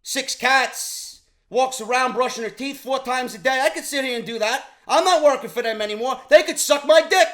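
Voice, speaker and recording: A vlog host delivers a profane rant. His voice sits very high and sounds bright and edgy. He swings from shouted outbursts down to low, grumbling asides. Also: moderate pace. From New York. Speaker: YouTube show host. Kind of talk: ranting commentary vlog.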